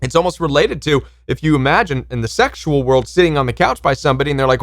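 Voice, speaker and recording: A man's voice: fairly high pitch, lively intonation, fast talker, hardly any pauses, no echo. Emphatic man, dry close sound. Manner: emphatic, acts out pushy quoted voices. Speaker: self-help channel host. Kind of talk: impassioned monologue to camera.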